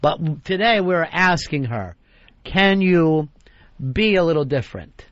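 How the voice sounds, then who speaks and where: A man's voice: fairly high pitch, expressive, unhurried, fairly bright tone, no room sound. A man hosting a radio talk show, rambling wryly and acting out the quotes he tells. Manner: wry, rambling, acts out quotes. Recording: dull lo-fi radio broadcast.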